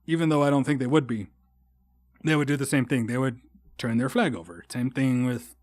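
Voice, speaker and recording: Profane, rambling podcast host. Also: male voice, medium pitch, brisk, a little mellow, no echo. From Texas. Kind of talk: casual solo podcast rant.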